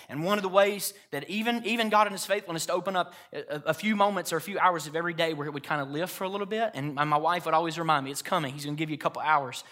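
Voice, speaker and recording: Before a church congregation, a pastor with a high-sitting voice preaches, moving from hushed personal stories to loud, emphatic exhortation.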